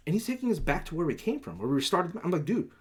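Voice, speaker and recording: A man's voice: fairly high pitch, sing-song, fast, breathy edge. A young man hosting a podcast, telling a long rambling gaming story in casual chat, full of fillers and swearing, acting out quoted lines in a livelier voice. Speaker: podcast host.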